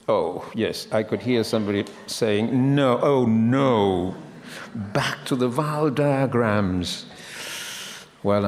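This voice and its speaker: Slow-talking lecturer guy, lowish voice, big reverby hall. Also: creaky, darkish tone. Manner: explanatory, quotes sources, with frequent restarts. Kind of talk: academic lecture.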